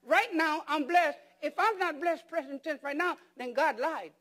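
High-voiced man preaching with emphatic questions. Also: moderate pace, fairly bright tone. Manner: repeats words and restarts phrases for emphasis. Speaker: pastor. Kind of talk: sermon.

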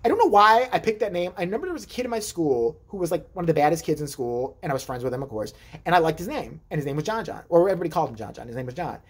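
A man vlogger telling a comedic personal story in an animated, profane, rambling way. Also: a little high, racing, husky.

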